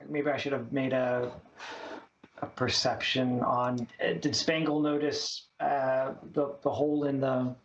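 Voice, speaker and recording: A man's voice: mid-range voice, dull audio, slight background noise. A man playing a tabletop game, thinking aloud in casual chat. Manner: slow and lively, thinking aloud. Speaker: player.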